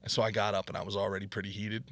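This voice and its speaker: A man's voice: fairly low pitch, level tone, racing, a bit bright. A man hosting a podcast, delivering a heated, profane comedic rant with mocking impressions. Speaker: podcast host.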